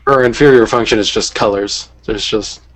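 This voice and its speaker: A man's voice: fairly low pitch, moderate pace, poor audio. A man hosting a livestream in casual chat, rambling and teasing. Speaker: livestream host.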